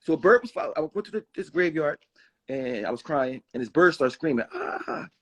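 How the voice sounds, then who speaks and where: Speaking a little fast with lively intonation, this man in his forties has a voice on the high side. A guest rapper from Philadelphia, he shares candid personal stories emphatically and ramblingly, restarting a lot and repeating "you know what I mean."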